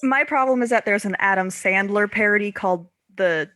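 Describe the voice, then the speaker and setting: A woman's voice: medium pitch, brisk, bright, forceful tone, dry recording. A woman hosting a casual book discussion podcast, laughing often and correcting herself as she goes. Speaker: podcast host.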